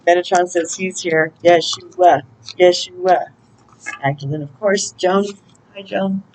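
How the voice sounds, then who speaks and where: A woman's voice: on the low side, a little slow, darkish tone, rough recording. A woman giving a casual spiritual oracle reading, chatty and laughing often as she greets angels aloud. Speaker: intuitive oracle card reader.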